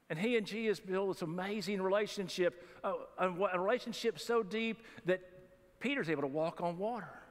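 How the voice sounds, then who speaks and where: Folksy preacher in a reverberant church. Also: male voice, high-pitched, a little fast, fairly bright tone. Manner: folksy, conversational preaching with humorous asides. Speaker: pastor. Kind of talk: sermon. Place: church sanctuary. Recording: long reverb of a church hall.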